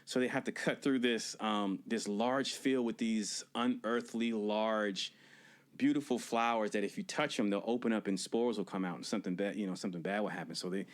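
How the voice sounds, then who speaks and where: A podcast co-host with a lowish voice and moderate pace recaps a film scene in casual movie review chat. He tells it with animation, acting out the characters' lines and laughing and swearing as he goes.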